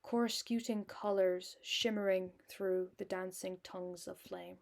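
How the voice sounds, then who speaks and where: A woman's voice: mid-range voice, fairly even intonation, unhurried, gravelly, a little mellow. Irish woman narrating a solo game. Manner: chatty, self-mocking asides.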